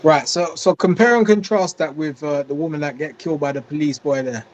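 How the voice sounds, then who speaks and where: A man's voice: on the high side, brisk, muffled recording, slight background noise. A man in casual chat who swears freely and talks in a streetwise way.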